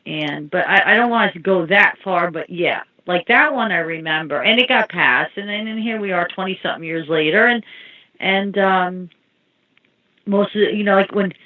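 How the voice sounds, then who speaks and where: A woman telling rambling anecdotes in casual chat. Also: medium pitch. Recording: tinny phone-like line.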